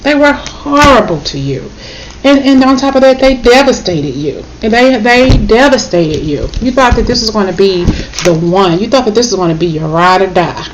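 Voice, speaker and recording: Woman tarot reader, mid-pitched, blunt and emotional, swears freely; noisy take with clicking. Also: lively intonation, normal speed, few pauses. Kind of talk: casual spoken tarot reading.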